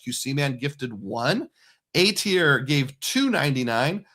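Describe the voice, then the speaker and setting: A man's voice: fairly high pitch, fairly bright tone. A man hosting a casual livestream, chatting loosely and reading out supporter names. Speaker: livestream host.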